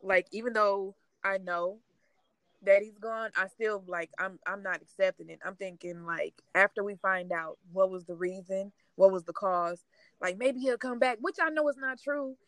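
A woman speaking in a halting, tearful way, sharing her grief in a casual conversation. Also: mid-range voice, no room sound, rough recording. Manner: halting, tearful, trying not to cry. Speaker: grieving sister sharing her story.

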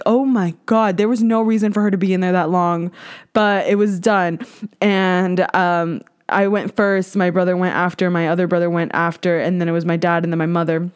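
A young woman hosting her own podcast in casual solo chat, candid and swearing freely, now and then mimicking other people in a high, squeaky voice. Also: steady tone, normal speed, smooth. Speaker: podcast host.

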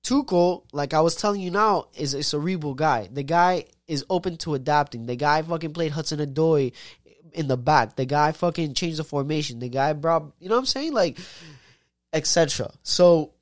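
Excitable American guy trash-talking football. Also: a little high, normal speed, dry recording, clean studio sound. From United States. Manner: excitable trash-talk, repeats "guy" over and over. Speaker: podcast co-host. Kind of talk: casual sports banter.

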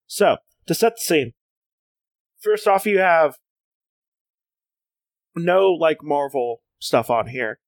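A man's voice: fairly high pitch, expressive, slow, long pauses, dry recording. A man co-hosting a casual chat, hesitant with many fillers and restarts.

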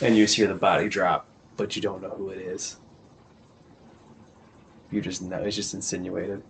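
A man co-hosting a podcast in casual chat, excitedly pitching dramatic scene ideas. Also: moderate pace, creaky, slight background noise. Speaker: podcast co-host. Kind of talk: casual chat recapping a TV episode.

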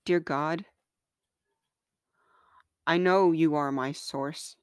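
A woman reading her own book aloud, slow and earnest, in a smooth, soft-spoken voice. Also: low-pitched, fairly even intonation, dry recording, clean studio sound.

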